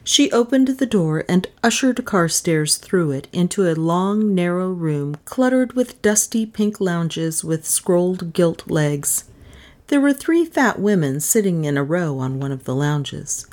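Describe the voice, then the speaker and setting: Woman, storybook narrator, lowish voice, slow, lively pitch, dry humor.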